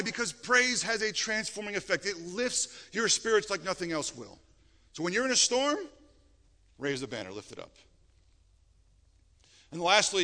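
Male pastor, middle-aged, lively sermon voice, bright and a bit high, church hall reverb. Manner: animated, rising to emphatic peaks, frequent restarts. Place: church sanctuary.

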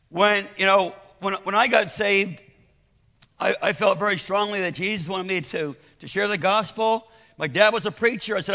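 A man's voice: high voice, brisk, vocal fry, pushed and bright, long reverb tail. An older man preaching a sermon in a conversational, persuasive way, telling his own story and restarting his words often.

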